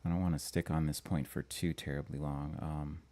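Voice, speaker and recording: Man, very low voice, dark mellow tone, live-stream host, halting with restarts. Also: level tone. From Minnesota. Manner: halting, lots of restarts and fillers. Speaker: astrology channel host.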